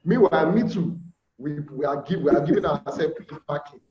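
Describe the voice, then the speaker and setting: An animated Nigerian aquaculture instructor, his voice a little high at normal speed, leads a chatty online fish farming class. The call audio is muffled and echoey, and he frequently asks "all right?" while acting out exchanges with buyers.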